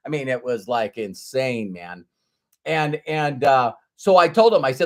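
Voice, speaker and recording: Guy coaching folks thru a sales story, lively, keeps restarting words, mid voice. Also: mid-range voice, unhurried. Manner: animated, frequent restarts and repeated words. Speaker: business coach. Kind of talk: casual motivational storytelling.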